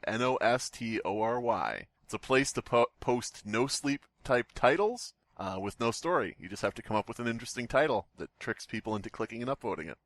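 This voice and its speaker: A man's voice: medium pitch, a bit bright, no room sound. A man co-hosting a comedy podcast, joking, cursing and laughing often in casual banter. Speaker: podcast co-host.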